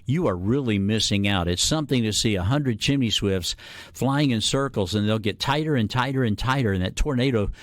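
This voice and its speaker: A man hosting a call-in radio show, explaining things in an unhurried way with frequent "uh" fillers. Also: on the low side, dry recording, clean studio sound. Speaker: radio guest host. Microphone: studio microphone.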